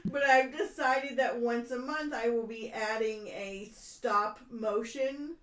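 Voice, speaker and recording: A woman's voice: on the high side, steady tone, takes it slowly, fairly bright tone. A woman co-hosting a podcast, chatty and full of fillers, often laughing. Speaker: podcast co-host. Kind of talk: casual podcast chat. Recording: roomy, distant mic.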